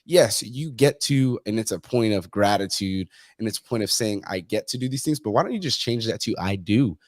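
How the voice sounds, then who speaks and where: A low-voiced man speaks bluntly and swears often, telling stories from his coaching and acting out what people said. The sound is close and dry, with no room around it. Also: brisk, no echo. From Mexican heritage. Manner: blunt, profane, storytelling with quoted asides. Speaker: fitness coach, guest. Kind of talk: casual interview chat.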